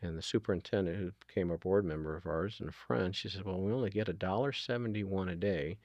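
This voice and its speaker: A man's voice: low-pitched, quick pace, no room sound, lo-fi sound. A middle-aged man talking earnestly as an interview guest, retelling conversations with plenty of ums and you-knows. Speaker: guest, food nonprofit founder.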